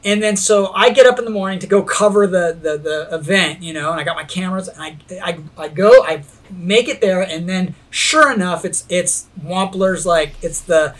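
A man with a notably high voice spins a rowdy story in loose, casual conversation. He talks in an animated rush, swears constantly and breaks into laughter along the way. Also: moderate pace, few pauses. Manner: animated, heavy swearing, laughs while telling. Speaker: skate videographer telling a story.

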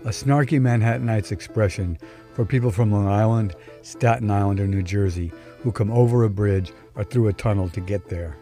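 Low, mellow male voice; wry, measured storyteller reading a personal story over faint music. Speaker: podcast storyteller. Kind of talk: scripted first-person story narration.

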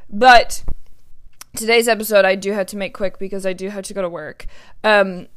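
A woman's voice: mid-range voice, steady tone, moderate pace, clear, resonant tone. A young woman hosting her own podcast, talking casually, earnest and emotional, with lots of fillers and restarts. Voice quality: chatty, many fillers and restarts. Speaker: podcast host. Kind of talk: casual solo podcast chat.

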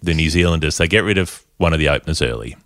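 A man hosting a podcast, telling a story in a casual, animated way and often laughing through it. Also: extremely low pitch, quick pace, dry recording, clean studio sound. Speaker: podcast host.

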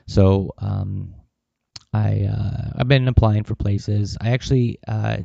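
A man's voice: fairly low pitch, level tone, slow, gravelly, warm tone, dry recording. Man, casual vlog, rambling, swears, dull lo-fi dry recording. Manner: rambling, profane, with many fillers. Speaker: vlogger.

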